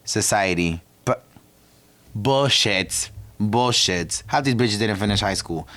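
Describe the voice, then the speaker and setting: A young podcast host from Virginia, United States, rants in a brash, profane, casual monologue that keeps breaking off mid-thought. His voice is on the low side and fairly bright, and he takes his time.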